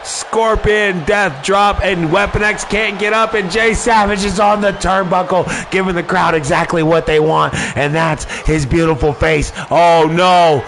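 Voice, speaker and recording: A man giving excited play-by-play commentary on a wrestling video game, often shouting exclamations. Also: high-pitched, moderate pace, creaky, few pauses, slight background noise.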